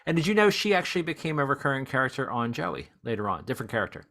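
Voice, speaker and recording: A man's voice: medium pitch, very fast, gravelly. A man hosting a podcast, chatting casually with a guest and laughing often. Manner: chuckles often, relaxed and chatty. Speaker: podcast host. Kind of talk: casual chat.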